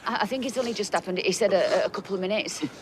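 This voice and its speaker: A woman's voice: mid-range voice, racing, close to an everyday voice. An actress playing a panicked young woman, urgently comforting a stabbed boy in a TV soap drama. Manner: urgent, reassuring, voice breaking. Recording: noisy outdoor TV drama audio.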